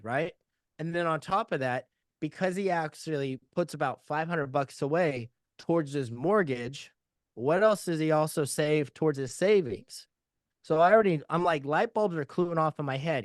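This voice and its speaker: A man's voice: a little high, dry recording, studio quality. A man teaching insurance sales, upbeat and joking as he walks through client questions. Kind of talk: sales training talk with role-play.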